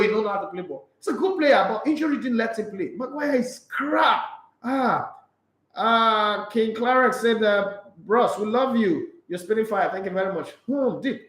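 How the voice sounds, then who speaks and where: A Nigerian man hosting a casual sports live stream, reading out viewer comments and answering in a blunt, animated way, slipping into Pidgin. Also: high voice, roomy sound, rough recording.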